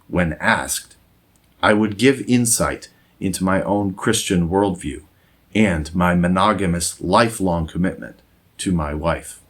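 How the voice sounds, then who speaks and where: Casting: a man delivering slow, deep scripted narration, measured and moralizing. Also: husky. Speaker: essayist and former English teacher.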